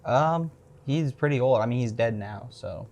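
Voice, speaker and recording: A man's voice: mid-range voice, expressive, moderate pace, darkish tone. A man guesting on a podcast, eager and casual, talking with his friends from a couch indoors. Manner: eager, casual, says dude and bro a lot.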